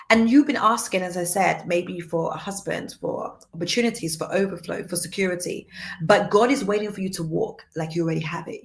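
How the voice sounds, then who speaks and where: Soft-spoken woman teaching in a roomy echo. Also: lowish voice. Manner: soft-spoken, earnest and repetitive for emphasis. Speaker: faith and femininity teacher. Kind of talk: livestream teaching.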